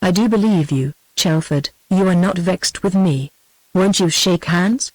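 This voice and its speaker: A British-accented synthetic woman's voice reading the lines of a proud, passionate young gentlewoman in a cold, scornful way. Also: on the low side, measured pace, no echo, rough recording. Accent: British English.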